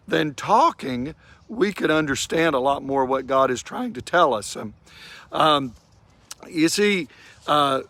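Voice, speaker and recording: A middle-aged man giving a short devotional talk, unhurried, stretching key phrases for emphasis. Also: fairly high pitch, fairly bright tone. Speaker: devotional speaker.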